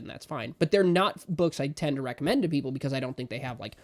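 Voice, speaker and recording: A young man co-hosting a casual podcast, talking in an animated, emphatic way with big swings in loudness. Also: a little high, quick pace, hardly any pauses. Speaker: podcast co-host. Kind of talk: casual chat.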